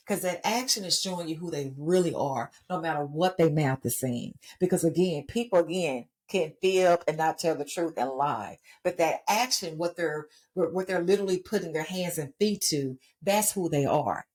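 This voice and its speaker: A woman's voice: fairly low pitch, moderate pace. A middle-aged woman from Texas with a Texan accent, founder of a ministry, giving an earnest, conversational inspirational faith talk and often checking in with her listeners.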